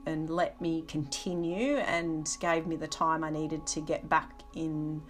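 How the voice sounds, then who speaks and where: A middle-aged woman, a former navy helicopter pilot, recalls her training candidly in an interview, restarting sentences and pausing on ums. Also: deep voice, level tone, faint music behind. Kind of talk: interview, personal recollection.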